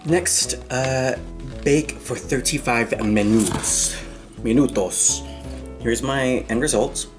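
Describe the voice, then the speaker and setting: A young man talks through his day off in a casual vlog, cracking self-mocking jokes as he goes. His voice sits at an ordinary middle pitch. Clear background music plays under him the whole time. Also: takes it slowly. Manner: self-mocking, joking asides to the viewers. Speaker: vlogger. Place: home kitchen. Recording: music playing behind the voice.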